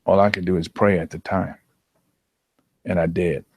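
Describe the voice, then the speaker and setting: A man working as an athletic trainer tells a painful personal story in an earnest, halting way, with many restarts. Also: sits low, level tone, a little hiss or hum.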